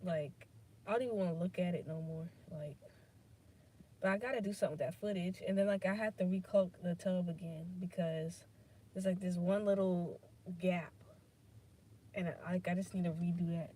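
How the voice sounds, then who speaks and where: A woman hosts a casual solo podcast, drifting between topics, swearing freely and using many fillers as she talks things through. Her voice is lowish, steady and dark, at a normal speed.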